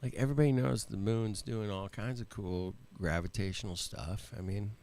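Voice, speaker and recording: A man's voice: on the low side, moderate pace, darkish tone. A man hosting a casual livestream chat, laid-back and laughing often, calling people man and bro and swearing freely. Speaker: livestream host.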